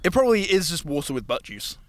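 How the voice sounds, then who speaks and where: Animated man telling a prank story. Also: fairly high pitch, fast talker, no echo. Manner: animated storyteller, swears freely, acts out voices. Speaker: podcast host. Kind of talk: casual chat.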